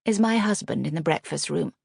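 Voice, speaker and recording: A woman voicing a cold, haughty young upper-class wife who gives curt, commanding orders, in a low, gravelly voice. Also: fairly quick, dry recording, clean studio sound, heavily acted.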